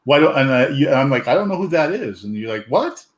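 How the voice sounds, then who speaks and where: A man's voice: medium pitch, very animated, fairly quick. A man hosting a casual chat, rambling and searching for his words.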